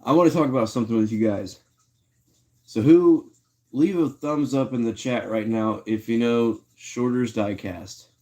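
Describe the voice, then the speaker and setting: A man hosting a live stream in a loose, slangy way, addressing his viewers directly as he goes. His voice sits at an ordinary mid pitch, neither deep nor high. He speaks the way people talk among friends. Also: moderate pace, warm tone. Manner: slangy and laid-back, talks to chat. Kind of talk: casual livestream chat.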